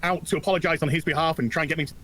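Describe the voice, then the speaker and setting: A man's voice: a little high, fairly even intonation, very fast, fairly bright tone, a little hiss or hum. A male YouTuber in a played clip, defensive and aggrieved as he answers criticism.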